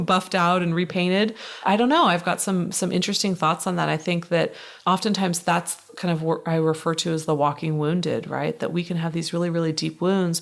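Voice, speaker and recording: A woman hosts a relaxed podcast, drifting into stories with plenty of fillers and small laughs. Her voice sits low and has a gravelly fry to it. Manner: chatty storyteller, many fillers and laughs. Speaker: podcast host. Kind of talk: casual chat.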